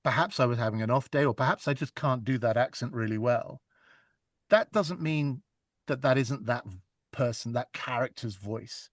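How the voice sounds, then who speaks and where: A man's voice: medium pitch, moderate pace, no room sound. Earnest man, very dry sound. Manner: earnest and reflective, thinks aloud with restarts. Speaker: audiobook narrator. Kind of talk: casual interview chat.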